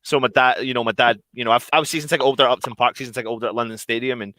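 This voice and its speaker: A man from Scotland, a guest on a fan livestream, chatting casually and warmly with many repeated words and restarts. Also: medium pitch, fairly even intonation, racing, dry recording. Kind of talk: casual chat.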